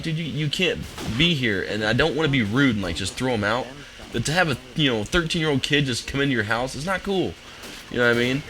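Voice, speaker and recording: A young man commentating his gameplay from a home office, telling a story in a relaxed, rambling, amused way. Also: medium pitch, fairly quick, a little hiss or hum, low-quality recording. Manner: laid-back, rambling, amused. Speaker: gaming commentator. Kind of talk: casual storytelling over gameplay.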